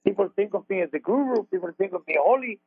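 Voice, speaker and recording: A man's voice: high voice, animated, fast, creaky, slightly rough, no room sound. A man with an Israeli accent, hosting a spiritual talk radio show and telling a personal story in an earnest, repetitive, conversational way. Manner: earnest, repeats words, loose grammar. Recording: dry phone-like radio audio.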